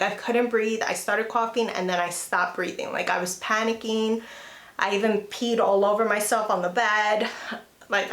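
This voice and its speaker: A young woman vlogger in an emotional story time, talking haltingly with lots of "like" and restarts, clearing her throat and coughing now and then. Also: medium pitch, a bit bright. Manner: halting, full of "like" and restarts, near tears at times. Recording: echoey room.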